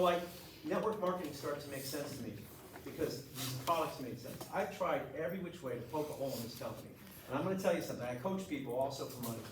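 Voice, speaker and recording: A middle-aged man tells his story to a group in a blunt, animated way. His voice sits fairly high. He is heard from a distance in an echoey room over clear background noise. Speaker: chiropractor sharing his story. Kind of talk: testimonial talk to a group. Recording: echoey room, mic far off, noisy.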